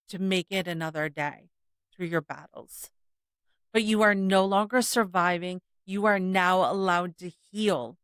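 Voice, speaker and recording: Earnest woman podcast host, slow and emphatic. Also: medium pitch, dry recording, studio quality. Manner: earnest, emphatic, with repetition and soft laughs. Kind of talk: reflective solo podcast monologue.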